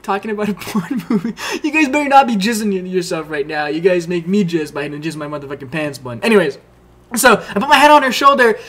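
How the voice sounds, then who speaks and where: A young man telling a story over gameplay with a lively voice that swings widely in pitch. He rambles, swears constantly and restarts his sentences as he goes. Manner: animated, profane, rambling with many restarts. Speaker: gaming video host.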